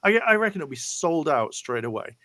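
A man's voice: on the high side, big pitch swings, fairly quick, a bit bright, dry recording. A man chatting casually on a podcast, playfully spinning comic scenarios. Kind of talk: casual chat.

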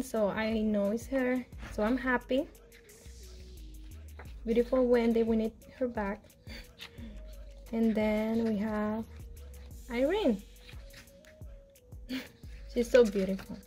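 A fairly high-voiced woman talks casually through an unboxing, excitable, pleading and quick to laugh. Soft music plays faintly behind her. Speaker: vlogger.

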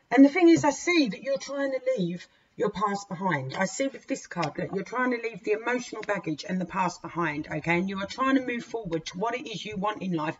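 Frank, swearing woman tarot reader. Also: medium pitch. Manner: frank, indignant, swears freely; emphatic, with sudden loud outbursts. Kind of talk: weekly tarot reading to viewers. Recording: dull lo-fi recording with faint hiss.

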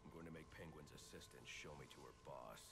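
An actor playing a grim, gruff caped vigilante in a video game, speaking in terse, clipped lines. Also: male voice, extremely low pitch, fairly quick, over loud music. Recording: game audio with loud vehicle noise.

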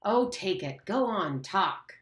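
A woman voicing a frustrated, earnest boy chief who sounds halting and exasperated in an audiobook reading. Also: mid-range voice, expressive, fairly bright tone, reverberant, voice pushed up.

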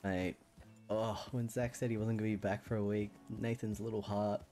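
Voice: medium pitch, level tone, moderate pace, mellow, faint music behind. An Australian streamer chatting casually during a roleplay game stream, laughing often and swearing freely.

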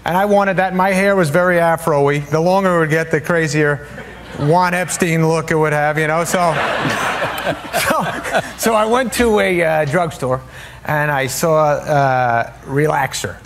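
A man's voice: on the high side, a little slow, fairly bright tone. Talk show guest, man, stammering storyteller; played-back clip with audience. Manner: rambling, laughs through his own stories, stammering restarts. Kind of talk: comic anecdote telling.

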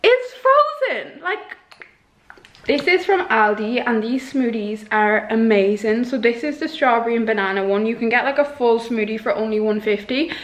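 A woman's voice: on the high side, brisk, few pauses, reverberant. A young Irish woman vlogging in her kitchen, rambling casually to the camera with lots of "like" and "you know". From Ireland. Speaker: lifestyle vlogger. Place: home kitchen.

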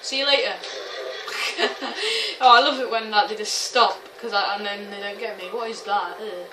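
A woman giving excitable let's-play commentary, swearing, shrieking and laughing often. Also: mid-range voice, normal speed, background noise. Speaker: gaming video host. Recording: roomy, distant mic with game music. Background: game music and sounds.

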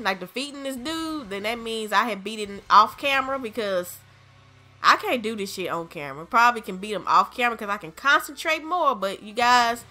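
A woman's voice: fairly high pitch, sharp tone. A young adult woman hosting a gaming channel, giving frustrated gameplay commentary full of swearing and exasperated outbursts.

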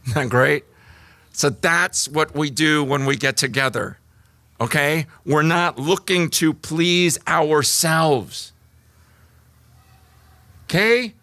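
A man preaching a sermon, moving between hushed, slow passages and animated, emphatic stretches. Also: on the high side, no echo. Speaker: pastor.

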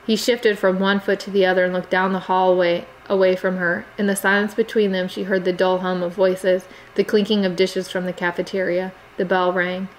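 A woman narrating a novel in a steady, measured storytelling voice. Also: lowish voice, slight background noise, poor audio. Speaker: audiobook narrator. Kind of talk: scripted narration.

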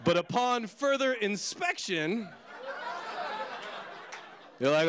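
A man does stand-up in a very high voice, speaking slowly and animatedly. His pitch leaps around. Audience sounds and noise come through clearly. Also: a faint crowd. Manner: animated, acts out gasps and surprise. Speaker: stand-up comedian. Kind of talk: stand-up routine. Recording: live club with audience and noise.

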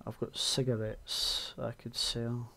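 A man giving excitable gameplay commentary, swearing a lot and yelling at enemies. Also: mid-range voice, takes it slowly, gravelly, slight background noise. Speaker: let's play gamer.

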